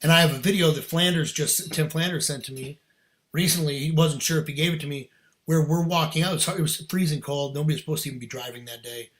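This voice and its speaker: A man's voice: on the high side, fast. A middle-aged man, a podcast guest, telling a personal story in casual, earnest, emphatic talk with slang.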